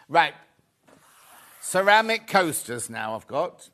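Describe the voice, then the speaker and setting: A man's voice: fairly high pitch, very animated, moderate pace, a bit bright. A man hosting a live shopping show, chatting casually, joking with the crew and reading out viewer messages. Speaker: shopping channel host.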